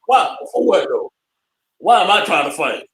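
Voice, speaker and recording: A man chatting on a podcast in a slightly high voice that swings widely in pitch. He tells stories loudly and teases a lot, heard in an echoey room. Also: moderate pace. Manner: animated, laughing storyteller, breaks into loud teasing. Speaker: podcast co-host. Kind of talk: casual chat.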